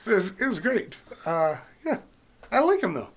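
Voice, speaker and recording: A man's voice: high voice, sing-song, normal speed. A man telling rambling, jokey stories in a casual chat with friends. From Canada.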